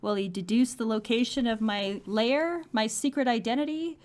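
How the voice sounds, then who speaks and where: A woman's voice: a little high, normal speed, natural voice. A woman hamming up a taunting duck villain. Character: boastful male duck villain with throwing aim.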